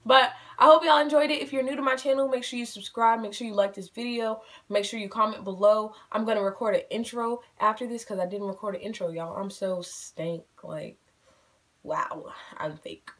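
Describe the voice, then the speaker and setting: A woman's voice: a little high, fairly even intonation, fast, few pauses, a bit bright. An eighteen-year-old woman chatting casually to her viewers at home in a Q&A vlog, bubbly and playful, teasing herself as she talks. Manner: bubbly, talkative, playful self-teasing, addresses viewers as y'all. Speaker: vlogger.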